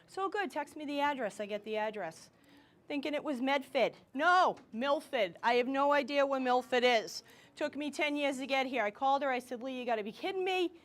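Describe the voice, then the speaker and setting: A comedian on stage playing a loud, teasing middle-aged woman with a Boston accent. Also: extremely high pitch. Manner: brassy, teasing, exaggerated. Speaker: stand-up comedian in character. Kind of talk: live stand-up character comedy on stage. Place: stage at a live telethon.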